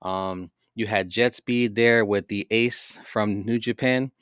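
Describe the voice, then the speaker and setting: A man's voice: lowish voice, fairly even intonation, takes it slowly, a bit bright, clean tone, dry recording, clean studio sound. A man hosting a podcast, recapping wrestling in a casual, rambling way with many fillers and self-corrections. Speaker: podcast host.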